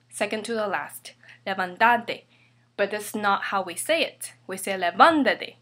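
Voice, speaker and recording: A woman teaching a grammar lesson, slowly and carefully spelling out each example. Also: medium pitch, pushed and bright. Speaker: Spanish teacher.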